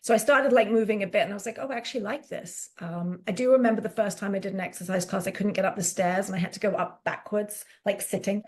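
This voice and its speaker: A woman fitness coach talking casually in an interview, animated and full of "like" fillers, often acting out quotes. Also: mid-range voice, quick pace, few pauses. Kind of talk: conversational interview storytelling.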